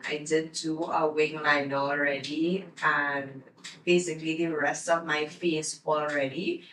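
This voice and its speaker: Lady doing a makeup tutorial, slow and step by step, echoey room, mic a bit far off. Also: low voice, flat delivery, fairly bright tone, slight background noise. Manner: slow step-by-step instructions to viewers. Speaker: beauty vlogger. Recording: roomy, away from the mic.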